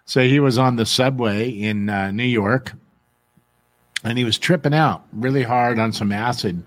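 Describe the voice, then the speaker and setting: A man's voice: medium pitch, a little slow, fairly bright tone, no echo. A man hosting a casual live show, teasing his guests and laughing often. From San Diego. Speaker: show host.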